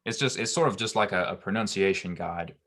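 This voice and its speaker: A man's voice: deep voice, a little fast, fairly bright tone. A man teaching a Hebrew grammar lesson, explaining patiently with frequent ums and restarts.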